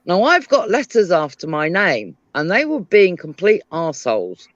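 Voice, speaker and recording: A British woman chatting casually on a live stream, telling animated stories. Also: lowish voice, moderate pace, no room sound. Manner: animated storyteller, lively voice. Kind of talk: casual chat. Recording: dry, dull lo-fi stream audio.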